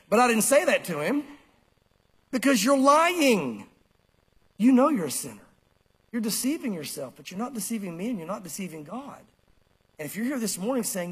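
A man's voice: sits high, sing-song, moderate pace, pauses often, breathy edge. A man preaching a sermon to a congregation, emphatic and conversational, repeating key phrases. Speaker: pastor. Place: church.

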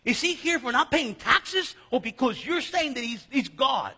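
A preacher putting on an exasperated governor. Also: male voice, extremely high pitch, expressive, normal speed, bright, forceful tone, breathy edge, pitched above the performer's own voice, exaggerated voice. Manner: protesting, incredulous. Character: exasperated Roman governor, a cornered middle-aged man. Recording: long hall reverb.

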